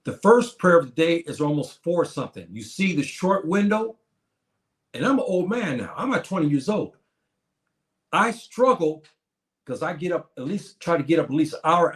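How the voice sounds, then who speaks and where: A man in his seventies gives an emphatic, repetitive lecture to his community, often addressing the listeners as brothers and sisters. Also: on the high side. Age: 70s. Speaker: teacher of a class. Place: Morocco.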